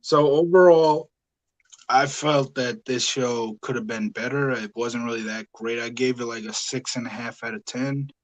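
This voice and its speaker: Casual guy hosting a wrestling-review podcast, mid pitch, rambly easygoing chat, lots of uh's. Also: moderate pace, rough recording. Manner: talkative, easygoing, frequent "uh" and "yeah". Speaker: podcast host.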